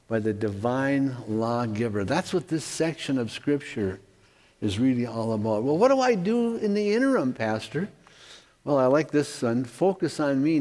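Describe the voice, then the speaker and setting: A middle-aged male pastor delivers an earnest, conversational sermon at an ordinary pitch. He breaks off for casual asides to his congregation. His voice carries a long, hall-like reverb. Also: a little mellow. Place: church sanctuary.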